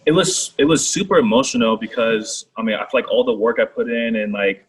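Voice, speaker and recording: A young man, a baseball pitcher, talking casually as a guest, with lots of "like" and "you know". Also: a little fast, breathy edge, poor audio. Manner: relaxed, filler-heavy talk with many "like"s. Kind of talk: casual chat.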